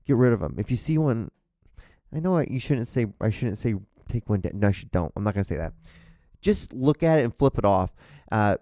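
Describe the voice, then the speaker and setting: Young man, host, low dark voice, tired and fading, rambling with fillers, profane, dry close room. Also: lively intonation, fairly quick, no room sound. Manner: rambling, profane, self-deprecating, lots of fillers and restarts. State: tired, voice going out. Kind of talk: casual solo rambling.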